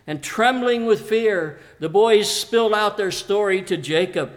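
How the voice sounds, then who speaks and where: High-voiced man preaching a sermon. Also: a little slow, hardly any pauses. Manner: earnest, addresses the congregation directly; storytelling retelling of a scripture passage.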